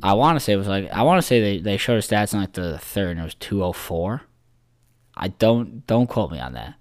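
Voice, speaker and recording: A man with a deep, low voice talks sports on a casual podcast. He rambles, swears freely and leans on filler words. The sound is dry, with no room echo. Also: expressive, a little fast. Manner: rambling, profane, lots of "like" fillers. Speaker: podcast co-host.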